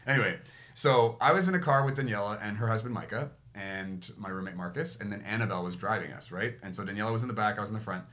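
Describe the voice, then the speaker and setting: A man hosting a podcast talks quickly in a bright, forward voice. He tells a story in a casual, animated way and slips into quoted lines of his past self. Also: on the low side. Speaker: podcast host.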